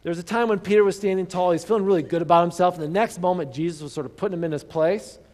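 Guy preaching a sermon, kinda high voice, gets loud then goes real quiet, keeps asking the crowd questions. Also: very fast, big-room sound. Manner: animated storytelling, swinging from loud emphasis to hushed asides; asks the congregation rhetorical questions. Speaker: pastor.

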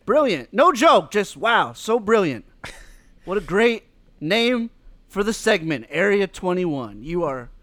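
A podcast host putting on a relaxed comedian with a mock southern drawl, roasting people with jokes and frequent laughs. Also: male voice, high voice, takes it slowly, no echo, pitched below the performer's own voice, full character voice.

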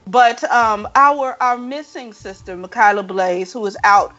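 A woman hosting a casual podcast chat, animated and playful as she tells stories. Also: fairly high pitch, a little slow, dull audio, faint music behind. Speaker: podcast host.

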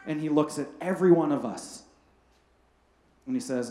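A man's voice: a little high, normal speed, dark tone, echoey room. A man preaching a family sermon, telling humorous stories in a casual, chatty way and checking in with "right?". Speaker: pastor.

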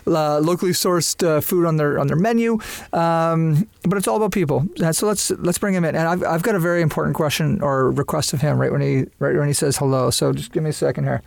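A man from Canada hosts a podcast in a loose, eager ramble, stacking up praise as he goes. His voice sits a little high and sounds dry and close. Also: fairly quick, gravelly, few pauses, dry recording. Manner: enthusiastic, rambling. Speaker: podcast host. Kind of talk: casual podcast chat.

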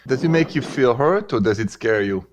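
A man's voice: medium pitch, lively intonation, moderate pace, a little hiss or hum. French-accented male advice show host. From France. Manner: friendly, mixes in French greetings.

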